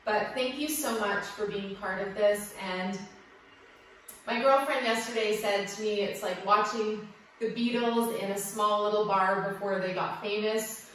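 Slow, gentle woman yoga teacher. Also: on the high side, very echoey, recorded from a distance, slight background noise, rough recording. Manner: gentle, affectionate, slow guiding cues. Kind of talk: guided breathing class.

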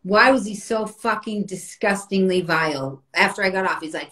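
A middle-aged woman comedian telling stories in casual podcast chat, animated and profane. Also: mid-range voice, normal speed, few pauses, poor audio. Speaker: comedian guest.

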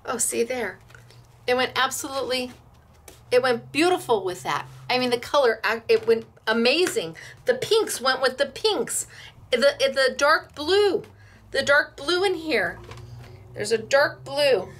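A cheerful woman runs a craft shop's live demo. Her voice sits a little high, and she gushes over each product with easy laughter. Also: lively intonation, a little slow, a bit bright. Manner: bubbly, gushing, laughs often. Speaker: craft shop host.

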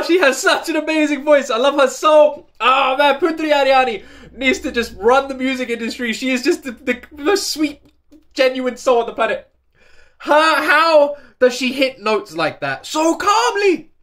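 A man's voice: very high-pitched, lively intonation, moderate pace, fairly bright tone. A British man hosting a music reaction video, gushing and effusive and often breaking into laughter. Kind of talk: reaction commentary. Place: seated indoors in his recording chair.

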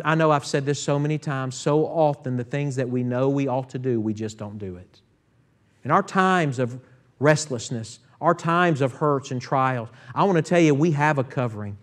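A man preaching a sermon, reading Scripture and calling out to the congregation. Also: medium pitch. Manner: preaching with call-outs to the church and Scripture readings. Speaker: pastor. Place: church sanctuary.

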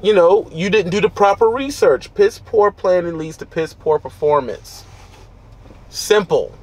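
A man's voice: high voice, animated, measured pace, darkish tone. A man who drives a truck, giving blunt, preachy advice in street slang from his truck cab. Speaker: trucker vlogger.

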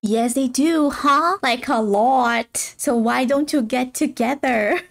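Excitable woman reacting to a drama. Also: high-pitched, slow, creaky. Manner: excitable, laughs often, swears casually. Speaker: reaction video host. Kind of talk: casual reaction commentary.

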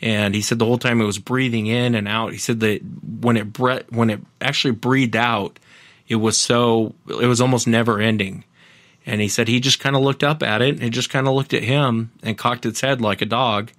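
A man's voice: medium pitch, fairly even intonation, moderate pace, a bit bright, no echo. A man, a podcast host appearing as a guest, earnestly retelling other people's encounters at length in a casual interview.

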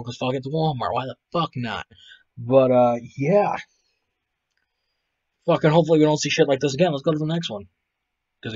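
A man's voice: medium pitch, dry recording. A man hosting a video, rambling and swearing his way through casual reaction commentary, sounding tired. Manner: profane, rambling, laughs a lot. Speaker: video host reacting to photos. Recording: dull lo-fi, dry.

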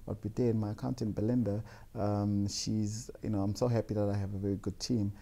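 A young man, a guest telling stories in a relaxed, rambling way with many fillers. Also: lowish voice, a little fast, creaky. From South Africa. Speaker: guest, jeans designer. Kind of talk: casual storytelling interview.

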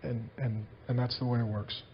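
A man preaching a sermon as pastor, telling stories in an animated way and repeating his phrases. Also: medium pitch, moderate pace, lo-fi sound.

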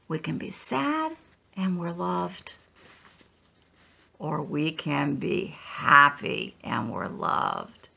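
A woman pastor telling a children's story in an animated, sing-song storytelling manner, with a gravelly edge. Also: medium pitch, slow.

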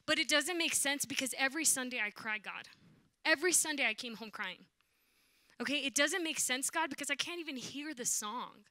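A young woman worship leader telling a lively testimony in church, acting out the voices of the people in her story. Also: high-pitched, fairly quick, no echo. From Southern California, USA. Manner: animated, acts out quoted voices. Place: church sanctuary.

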